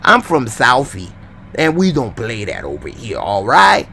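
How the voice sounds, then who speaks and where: A man's voice: medium pitch, huge pitch swings, a little slow, vocal fry, slight background noise, heavily acted. A man voicing a tough, threatening Boston city worker with a put-on Boston accent. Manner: brash, threatening, loud.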